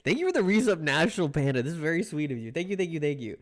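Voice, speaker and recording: A man's voice: fairly high pitch, very animated, racing. A man chatting casually on a live stream, playful and rambling, greeting his chat over and over.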